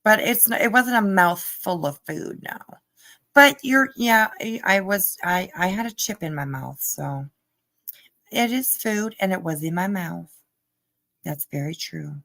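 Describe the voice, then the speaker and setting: A woman's voice: fairly low pitch, animated, measured pace, gravelly, fairly bright tone, no room sound. A woman hosting a livestream, chatting casually with her viewers and reading their comments. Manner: chatty, laughing, talks to chat while eating. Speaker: livestream host.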